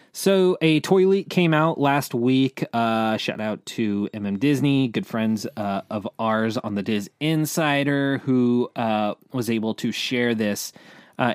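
A young man co-hosting a casual entertainment news podcast, talking in a chatty way with lots of fillers and quick bursts. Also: mid-range voice, smooth, no room sound, clean studio sound. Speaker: podcast co-host, editor-in-chief.

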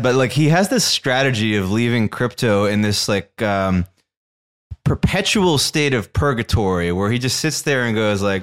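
A man's voice: medium pitch, fairly bright tone, clean tone. A man co-hosting a casual podcast as the crypto expert, ranting with many stammered restarts.

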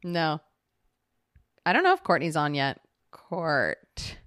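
A woman in her thirties co-hosting a podcast in casual chat, animated, laughing a lot and swearing freely. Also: sits low, slow, smooth, no echo, studio quality. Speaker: podcast co-host.

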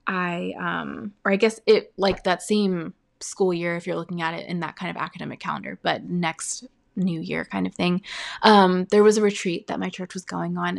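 A young woman telling a personal faith testimony in an earnest, halting way, full of "um" and "like". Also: fairly low pitch, gravelly. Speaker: speaker sharing a faith testimony.

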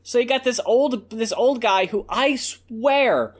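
A man's voice: very high-pitched, takes it slowly. A man co-hosting a casual album review podcast, ranting bluntly with lots of swearing. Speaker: podcast co-host.

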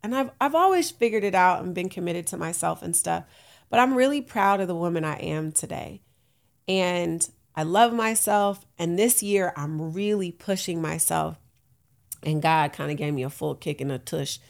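A woman's voice: on the low side, normal speed, creaky. A woman in her late thirties hosting a casual solo podcast, candid and uplifting, laughing often, with African American Vernacular English. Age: late 30s. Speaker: podcast host.

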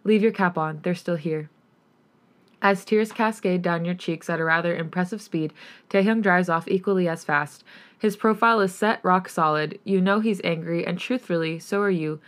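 A woman's voice: fairly low pitch, moderate pace. A woman hosting a podcast, reading fanfiction aloud expressively and reacting emotionally between chapters. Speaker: podcast host and fanfic reader.

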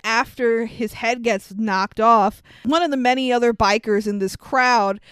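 A woman's voice: on the high side, fairly even intonation, a little slow, a bit bright, smooth, no echo. A woman co-hosting a movie review podcast, casual and sarcastic, swearing and laughing often. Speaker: podcast co-host.

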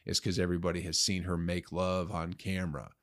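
A young man hosting a solo podcast, ranting crudely and sarcastically with profanity and sudden loud outbursts. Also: low-pitched, flat delivery, a little fast. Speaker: podcast host.

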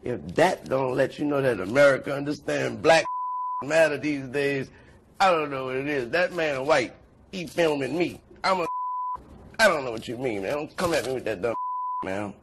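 A man's voice: mid-range voice, expressive, moderate pace, background noise. A young man in a street interview clip, speaking bluntly and with heat, swearing freely. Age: young adult. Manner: blunt, profane, heated.

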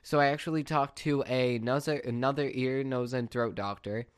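A man's voice: mid-range voice, steady tone, moderate pace, clear, resonant tone. A late-teen man talking solo on a podcast, ranting with exasperation in a casual way. His voice sits in a middle range for a man. The sound is dry, with no room echo. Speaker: podcast host.

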